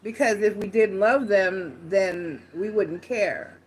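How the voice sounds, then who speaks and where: A woman's voice: medium pitch, slow pace, slight background noise. A woman giving a casual tarot reading, talking frankly and directly to her viewers, with slang and the odd swear. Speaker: tarot reader.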